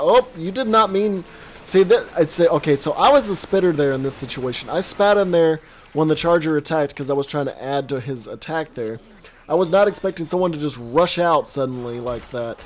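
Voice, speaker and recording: Male host, fairly high voice, casual animated video-game coaching, voice a little worn, light background noise. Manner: animated, quick reactions, self-deprecating asides. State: voice strained from long recording. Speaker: host giving gameplay coaching commentary. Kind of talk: casual commentary over gameplay footage.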